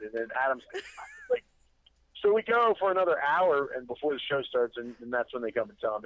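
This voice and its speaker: A man's voice: medium pitch, expressive, quick pace, no echo. A man, a wrestling promoter, telling road stories in a rambling casual chat, with many restarts and acted-out quotes. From Delaware. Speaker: podcast guest, wrestling promoter. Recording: dry tinny phone-line sound.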